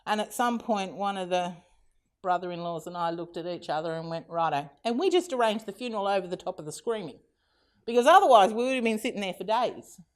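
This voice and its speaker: A middle-aged Australian woman gives a conference keynote, chatting through funny family anecdotes, acting out the quotes, and laughing frequently. Her mid-range voice is animated and a little fast.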